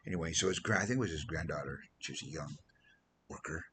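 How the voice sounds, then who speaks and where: A man's voice: extremely low pitch, fast, a bit bright, a little hiss or hum, poor audio. A man preaching an informal sermon as a missionary, rambling and losing his train of thought now and then. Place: Philippines.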